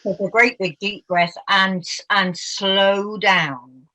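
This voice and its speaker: A woman's voice: medium pitch, fairly even intonation, takes it slowly, sharp tone, rough recording. A woman taking part in a workshop who gives direct, instructive feedback on a video call. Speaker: workshop participant. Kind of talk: giving coaching feedback.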